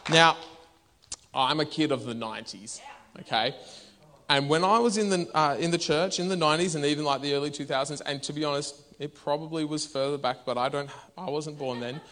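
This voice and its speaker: A man, preaching a conversational sermon in a church. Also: fairly high pitch. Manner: conversational and animated, bursts into shouts. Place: church hall.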